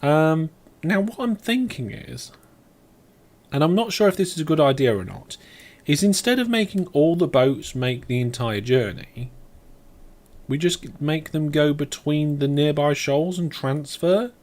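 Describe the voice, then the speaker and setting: A man's voice: a little high, expressive, a little slow, a little mellow. A man streaming a game live, thinking aloud as he plays and chatting back to his viewers. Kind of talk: live let's play commentary.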